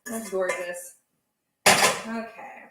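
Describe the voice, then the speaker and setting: A woman's voice: mid-range voice, fairly even intonation, very slow, echoey room, heavy background noise. A young woman hosting a casual baking livestream from her home kitchen, chatting and answering viewers' comments as she works.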